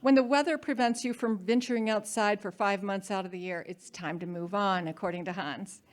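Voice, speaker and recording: A woman's voice: mid-range voice, steady tone, brisk. A woman hosting a live storytelling event in a hall, introducing the next speaker. She talks conversationally, with small stumbles. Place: hall before a live audience.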